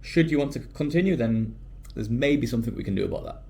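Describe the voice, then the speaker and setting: A British man, an English teacher, talking casually to camera in an animated way and slipping into quoted voices. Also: mid-range voice, quick pace, creaky. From United Kingdom.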